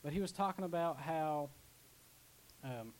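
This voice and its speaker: A man's voice: a little high, unhurried, poor audio. A young man preaching a casual sermon as pastor, chatty, with asides and restarts. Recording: faint hiss.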